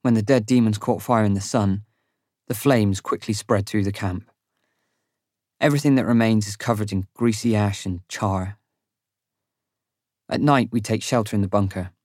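A man narrating a fantasy audiobook in the first person, with a measured, sombre reading on a close studio mic. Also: on the low side, fairly even intonation, a little mellow, no room sound.

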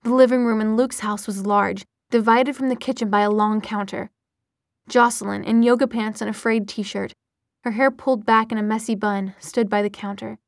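A woman narrating an audiobook in a steady, expressive reading voice. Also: on the high side, moderate pace, dry recording, clean studio sound.

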